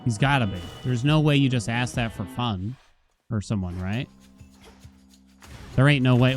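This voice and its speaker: A man's voice: lowish voice, moderate pace, pauses often, faint music behind. A man streaming a video game, chatting casually and telling stories with acted-out quotes. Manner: chatty storytelling, acts out quotes. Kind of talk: casual gaming stream chat.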